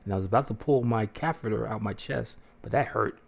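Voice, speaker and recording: A man hosting a podcast, telling a story casually with plenty of swearing and animated delivery, jumping into a raised voice to act out what people said. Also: fairly low pitch, fairly quick, gravelly. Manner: profane, animated, acts out quotes in a raised voice. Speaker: podcast host.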